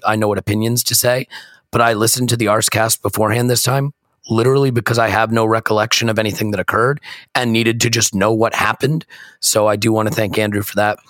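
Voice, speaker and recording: A man hosting a sports podcast with a hoarse, croaky voice, chatting casually and self-deprecatingly from a hotel room. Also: lowish voice, a bit bright, no echo, studio quality. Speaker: podcast host. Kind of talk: casual chat.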